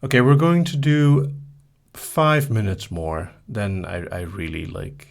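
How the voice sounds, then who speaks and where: A man hosting a live hypnosis stream, casually reading viewer questions aloud and answering them in a soft, easygoing way. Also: lowish voice, fairly even intonation, slow pace, creaky. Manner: soft-spoken, easygoing, reads each question aloud then answers briefly.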